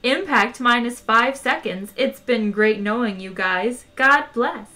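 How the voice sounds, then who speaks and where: A woman's voice: fairly high pitch, bright, forceful tone, faint music behind. A woman voicing a cheerful, overly friendly male ship's computer that sings nasally. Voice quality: nasal sing-song. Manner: bubbly, drawn-out, overly friendly.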